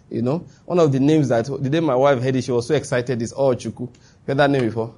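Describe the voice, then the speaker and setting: A man's voice: mid-range voice, fairly even intonation, fast talker, dark tone, a little hiss or hum. A man giving a conversational sermon, full of asides and rhetorical questions. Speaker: preacher.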